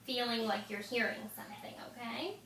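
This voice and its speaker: A woman working as an audiologist speaks in a gentle, reassuring voice, repeating short phrases as she guides her patient. Her voice sits a little high. The clinic room is echoey, the mic is set back from her, and background noise runs underneath. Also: a little fast, distant mic. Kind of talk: calm clinical instructions.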